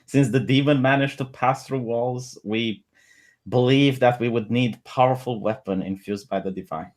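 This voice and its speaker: A devout, zealous cleric, as a player speaks for him, declaring holy missions in a solemn, formal way. The voice sits at an ordinary middle pitch, earnest and steady. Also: male voice, normal speed, natural voice. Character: zealous male cleric adventurer. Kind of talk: tabletop game role-play.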